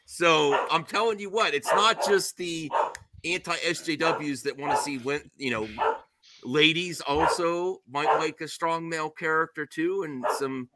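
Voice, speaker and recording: A middle-aged man hosting a casual podcast chat. He tells stories animatedly and slips into high squeals when mimicking others. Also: unhurried, heavy background noise. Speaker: show host.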